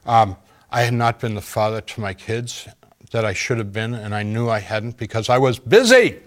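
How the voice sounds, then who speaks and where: A man giving an earnest, halting personal testimony in an interview, pausing often and using fillers. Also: on the low side, expressive. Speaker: interview guest.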